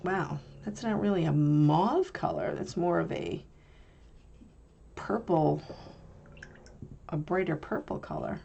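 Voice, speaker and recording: Female art host, unhurried and gravelly, thinks aloud casually while painting. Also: fairly low pitch, mellow, dull audio, a little hiss or hum. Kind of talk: casual paint swatching review.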